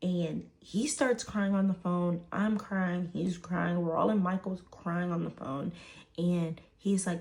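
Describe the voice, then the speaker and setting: A woman's voice: on the low side, fairly even intonation, slow pace, a little mellow. A woman, casually telling a personal story full of fillers and "right?". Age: 20s.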